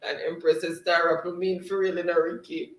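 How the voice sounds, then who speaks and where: A man's voice: on the high side, little pitch movement, fairly quick, fairly bright tone. Laughing man reading chat, roomy sound. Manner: laughs often, reads chat aloud. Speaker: live stream host reading chat. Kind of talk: casual chat reading out comments. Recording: roomy, distant mic.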